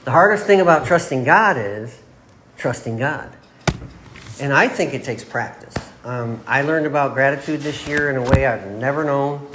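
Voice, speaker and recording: A man's voice: mid-range voice, normal speed, background noise. Laughing man telling recovery stories. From Michigan. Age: middle-aged. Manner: casual storytelling, laughs at himself. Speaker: AA meeting speaker. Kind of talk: personal recovery talk. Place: meeting room.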